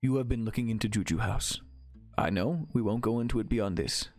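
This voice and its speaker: A man voicing a guarded anonymous male informant giving a tip over the phone, speaking slowly and deliberately. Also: on the low side, no echo, soft background music, close to an everyday voice.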